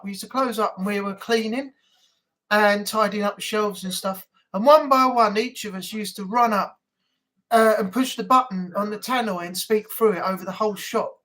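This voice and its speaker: A man's voice: high-pitched, bright, forceful tone, poor audio. A man hosting a casual live-stream chat from home, rambling and chatty with lots of fillers. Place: home room.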